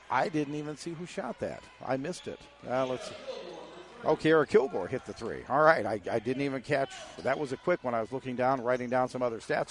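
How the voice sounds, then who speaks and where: A man's voice: mid-range voice, expressive, a little hiss or hum. Man calling live basketball play-by-play. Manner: rapid running commentary with quick self-corrections. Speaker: radio play-by-play announcer.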